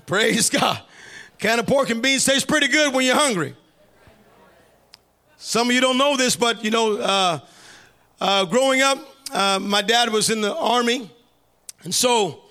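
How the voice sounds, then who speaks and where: A man preaching a sermon as pastor, fervent and building into shouted cries. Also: extremely high pitch, normal speed, long pauses.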